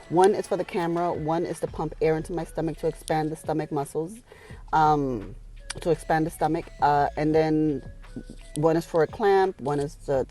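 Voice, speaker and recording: A woman vlogger in a casual storytelling video, retelling events in a heated, candid way with the odd curse word. Her voice sits lowish and mellow, and faint music plays underneath. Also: poor audio. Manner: emotional, pausing to collect herself.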